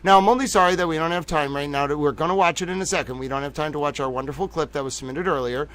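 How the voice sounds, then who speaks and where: A livestream news host with a somewhat high, slightly bright voice talks at a racing pace. He runs the show casually and playfully, mocking himself, giggling, and chatting with his viewers.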